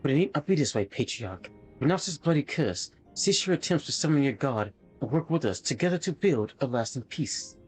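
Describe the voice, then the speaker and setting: A man's voice: mid-range voice, lively intonation, soft background music, natural voice. An actor playing a solemn male hero earnestly pleading for peace in a video game cutscene. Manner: earnest, measured plea.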